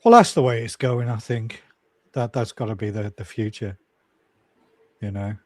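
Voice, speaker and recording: A man who works as railway station staff, talking on a casual panel chat and explaining things as he trails off softly. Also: fairly low pitch, steady tone, normal speed, no room sound. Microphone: video call panel.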